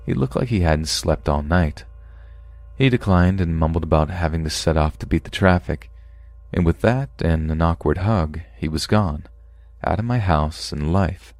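Male podcast narrator with a low voice, reading horror stories steadily. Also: moderate pace, darkish tone, dry recording. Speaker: podcast host and story narrator.

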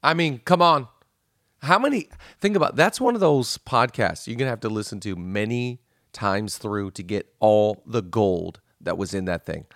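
A man's voice: fairly low pitch, animated, a bit bright, no echo. Man, podcast host, enthusiastic, effusive, dry close sound. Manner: enthusiastic, effusive, quick affirmations. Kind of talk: casual podcast chat.

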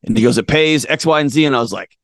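Middle-aged man, animated storyteller, gravelly tone, dry close mic. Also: mid-range voice, very fast, no echo. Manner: lively storyteller, acts out voices, laughs at himself. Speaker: podcast guest.

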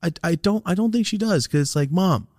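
A man co-hosting a podcast, telling stories in a casual, profane, animated way, jumping into loud high-pitched outbursts when he quotes people. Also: a little fast, no echo, clean studio sound. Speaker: podcast co-host.

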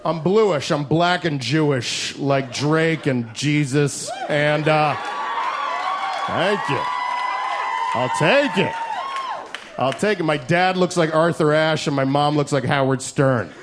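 A man doing a stand-up set, brash and profane, shouting his punchlines on a handheld stage mic. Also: fairly high pitch, takes it slowly. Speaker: stand-up comedian. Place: comedy club stage. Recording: crowd laughter, noisy club. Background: laughing crowd.

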